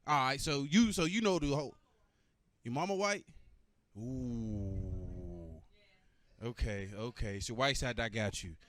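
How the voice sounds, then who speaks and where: A young man doing stand-up comedy, profane and animated, bantering with the audience. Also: high voice.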